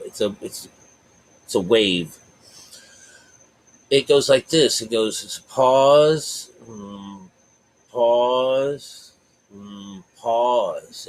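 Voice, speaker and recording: A man giving an informal spiritual talk, rambling with restarts and drawn-out pauses, then reading passages aloud slowly and earnestly. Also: mid-range voice, poor audio.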